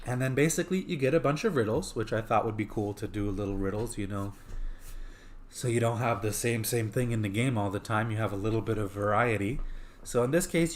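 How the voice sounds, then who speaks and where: A man casually talking through a side mission he wrote for his own game, in a relaxed, explanatory way. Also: lowish voice. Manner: relaxed, explanatory, with small restarts. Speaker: game developer.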